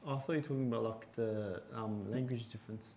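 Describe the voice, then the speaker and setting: A podcast co-host with a fairly low voice talks at a quick pace in a casual chat, over a little hiss or hum. He's an animated storyteller who acts out quotes as he goes.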